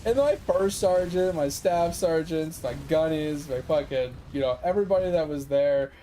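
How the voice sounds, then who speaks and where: A man's voice: a little high, moderate pace, a little hiss or hum, rough recording. A man telling a long story casually while streaming a game, swearing freely and acting out the people he quotes. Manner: profane, animated storyteller who acts out quoted voices.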